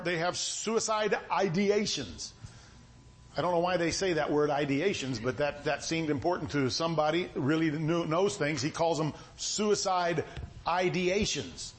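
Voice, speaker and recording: A middle-aged male preacher with a notably high voice, talking through a sermon in a folksy, conversational style. His tone comes across as stern even when he means nothing by it, and he often circles back and repeats himself. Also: slight background noise. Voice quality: sounds stern even when not angry.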